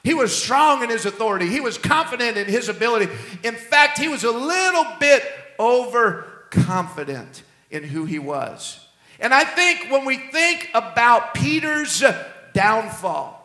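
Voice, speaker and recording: A man preaching a sermon as senior pastor, emphatic and animated. His voice is high and bright, jumping from loud bursts to hushed asides. It rings out in a roomy, echoing hall. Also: a little slow.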